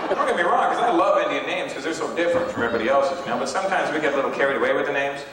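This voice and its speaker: Man, from Canada, stand-up comedian, brash, self-mocking, echoey hall, loud tape noise. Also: on the high side, expressive, racing, hardly any pauses, over a noisy crowd. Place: stage in a hot hall. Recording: echoey hall from far off, noisy old tape.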